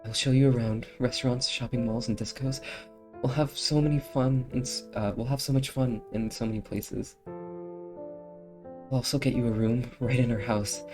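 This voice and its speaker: Streamer putting on a high pleading girl, clingy, begging, game dialogue read aloud. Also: fairly even intonation, normal speed, music in the background, close to an everyday voice. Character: pleading lonely girl who begs others to stay.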